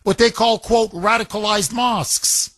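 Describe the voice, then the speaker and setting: A man's voice: high-pitched, steady tone, measured pace, fairly bright tone, dry recording. A male radio talk show host giving an indignant, emphatic monologue full of rhetorical questions, into a studio microphone.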